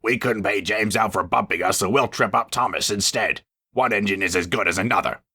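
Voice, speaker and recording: A man's voice: lowish voice, a little fast, bright, forceful tone, slightly rough, pitched above the performer's own voice, exaggerated voice. A man voicing a group of spiteful freight trucks who cackle and jeer.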